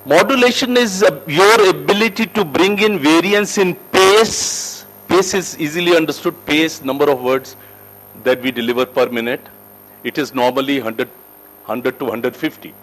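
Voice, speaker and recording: Lively lecturer, higher voice. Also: male voice, normal speed, low-quality recording. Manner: emphatic, lively teacher with wide shifts in pitch and loudness; asks the class questions and answers them himself. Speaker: corporate soft skills trainer. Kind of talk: classroom lecture. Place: training room with a group.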